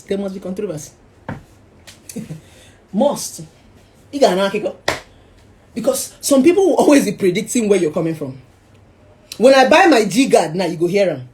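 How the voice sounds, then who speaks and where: Lively Nigerian woman preaching to her followers. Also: mid-range voice. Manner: animated, switching into Pidgin, mocking chants. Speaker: social media personality. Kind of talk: motivational monologue.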